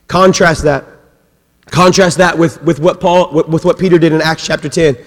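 A man preaching a sermon as pastor, swinging between loud, forceful passages and quiet ones. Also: a little high, fairly even intonation, moderate pace, big-room sound.

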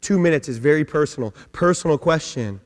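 A man preaching an emphatic sermon with heavy repetition, his voice rising to shouts. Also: fairly high pitch, expressive, fairly quick. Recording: long hall reverb.

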